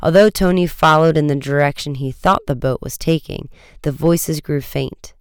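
Smooth-voiced man reading an audiobook. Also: a little high, moderate pace, no echo, clean studio sound. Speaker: narrator.

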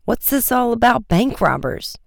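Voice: mid-range voice, sing-song, moderate pace, creaky, dry recording, studio quality, voice pushed up. A narrator voicing an authoritative male Coast Guard lieutenant, giving orders in a commanding way.

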